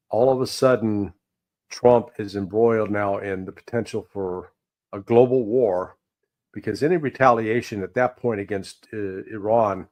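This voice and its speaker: A middle-aged man delivers heated political commentary in a somewhat low voice. He is indignant and emphatic, hammering his points and tossing in sarcastic asides.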